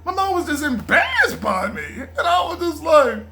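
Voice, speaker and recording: A middle-aged man with a bright, forward voice tells a loose personal story in a casual vlog. He rambles and repeats lines, laughs through parts of it, and drops into a low murmur to imitate his mother. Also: wildly swooping pitch, normal speed, creaky. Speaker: vlogger.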